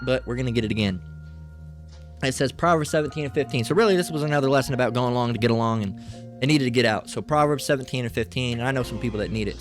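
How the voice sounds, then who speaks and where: A man preaching an informal sermon in a mid-range voice, blunt and often profane. He keeps circling back with "all right" and "okay" as he makes his points. Faint music sits low in the background.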